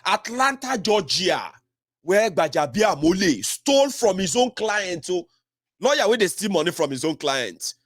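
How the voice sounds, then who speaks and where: A middle-aged Nigerian man talks politics in a fiery, mocking way, slipping into pidgin as he goes. His voice sits fairly high for a man. The recording is dry and close, with no room sound. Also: fairly bright tone, no room sound. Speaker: political commentator. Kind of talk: solo political commentary.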